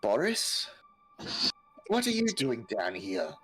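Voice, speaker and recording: A man's voice: medium pitch, wildly swooping pitch, takes it slowly, a bit bright, breathy edge, soft background music, voice pushed up, exaggerated voice, low-quality recording. A man voicing a groggy, confused wounded male prisoner who has just woken up. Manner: dazed, muttering.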